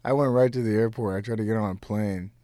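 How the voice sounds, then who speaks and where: A young adult man, a stand-up comic, chatting in an interview and retelling bits from his act, animated and quick to laugh. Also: lowish voice, no room sound, clean studio sound. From United States. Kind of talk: casual interview, telling jokes from his act.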